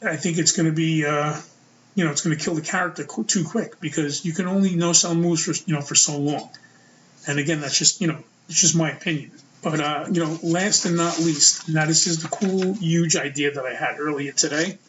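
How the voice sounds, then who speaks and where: A man's voice: on the high side, fairly even intonation, fairly quick, fairly bright tone, dull audio, slight background noise. A man hosting a solo opinion podcast, talking casually and rambling with lots of filler words. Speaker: podcast host.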